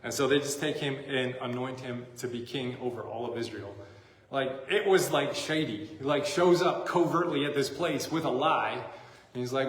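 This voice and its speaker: Casual joking pastor in an echoey church. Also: male voice, medium pitch, moderate pace. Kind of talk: sermon. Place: church sanctuary.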